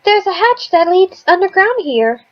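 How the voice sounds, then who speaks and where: A woman's voice: very high-pitched, big pitch swings, moderate pace, muffled recording. A woman voicing a timid young companion who stammers when nervous. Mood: jittery.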